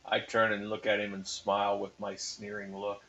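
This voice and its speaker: A man's voice: lowish voice, monotone, moderate pace, fairly bright tone, highs cut off, soft background music. A man playing a tabletop game, stating his actions matter-of-factly. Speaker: player.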